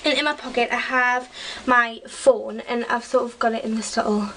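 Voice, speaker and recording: A woman's voice: fairly high pitch, fairly even intonation, moderate pace, a bit bright, far from the mic, a little hiss or hum, low-quality recording. A teenage girl from England, chatting about her school bag in a rambling way, full of fillers. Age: teens. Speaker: vlogger. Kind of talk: casual chat.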